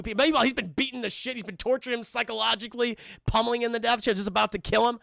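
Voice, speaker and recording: A young man giving a casual, excitable and profane film review on a live stream, acting out the scenes. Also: extremely high pitch, rapid-fire, gravelly, few pauses, dry recording.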